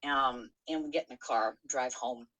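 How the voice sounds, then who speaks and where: Podcast host, middle-aged woman, low pitch and a bright, forceful tone, frank and profane in her storytelling. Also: normal speed, poor audio. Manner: frank, swears freely, many fillers and restarts. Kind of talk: candid personal storytelling.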